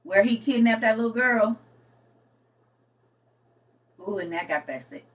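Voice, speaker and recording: A woman chatting casually with her viewers, sassy and drawn-out, tossing in honey and baby. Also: fairly high pitch, lively intonation, distant mic, muffled recording. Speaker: streamer.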